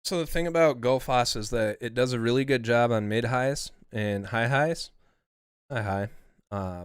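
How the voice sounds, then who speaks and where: A man's voice: medium pitch, moderate pace, clean tone, no echo, clean studio sound. A man streaming live as a mastering engineer, talking casually and rambling, swearing now and then.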